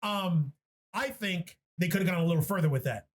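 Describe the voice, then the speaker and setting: Man, high voice, casual podcast co-host, animated, swears freely. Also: fairly quick. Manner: animated, profane storytelling.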